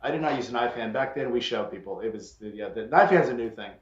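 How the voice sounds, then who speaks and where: A man's voice: medium pitch, expressive, fast talker. Blunt man on a roomy, muffled call. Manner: blunt storyteller, swears casually. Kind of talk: casual group video chat. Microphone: video call. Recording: roomy, dull video-call audio.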